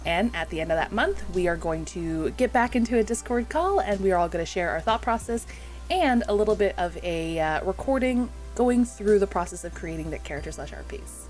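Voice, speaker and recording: A woman's voice: medium pitch, lively intonation, a little fast, darkish tone, faint music behind. Chatty young woman hosting a call. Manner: chatty, laughs often, upbeat. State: groggy morning voice. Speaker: host, VTuber artist. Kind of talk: casual chat on a group call.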